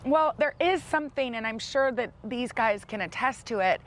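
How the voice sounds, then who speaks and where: A woman's voice: a little high, lively intonation, moderate pace, fairly bright tone. A woman in her thirties co-hosting a morning TV show, telling her story eagerly and laughing often. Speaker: co-host.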